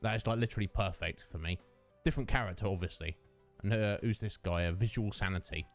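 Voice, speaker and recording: A streamer in his thirties talks fast in a fairly low voice, greeting his livestream viewers by name and laughing often as he chats casually. Soft music plays in the background.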